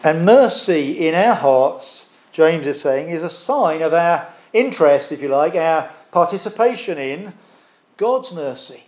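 Earnest preacher man, slightly high voice. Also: expressive, a little slow, a little mellow. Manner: earnest, frequent "uh" fillers and restarts. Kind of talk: sermon.

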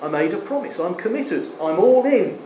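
A preacher doing Sam, a loyal hobbit, echoey. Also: male voice, high voice, sing-song, normal speed, dark tone, recorded from a distance, a little hiss or hum, pitched above the performer's own voice. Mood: earnest. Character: loyal, stubborn young male hobbit companion.

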